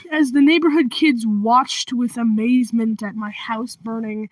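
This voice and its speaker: High-voiced young woman rambling through a storytime. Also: no echo, low-quality recording. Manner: rambling, with laughing asides and hushed whispered remarks. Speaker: vlogger. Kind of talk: storytime vlog.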